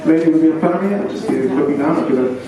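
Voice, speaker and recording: A man's voice: on the high side, rapid-fire, distant mic. A man doing crude stand-up comedy on stage, laughing through his jokes. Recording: echoey club from afar, loud crowd.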